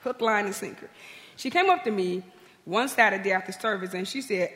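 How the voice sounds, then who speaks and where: A woman pastor telling a humorous story in her sermon, lively and animated. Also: brisk. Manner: lively, humorous storytelling with big pitch swings. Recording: long reverb of a large hall.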